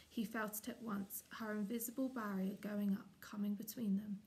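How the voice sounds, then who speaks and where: A woman, a teacher, reading a children's chapter book aloud in a steady, expressive way. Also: medium pitch, normal speed, few pauses, slight background noise. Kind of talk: storybook read-aloud.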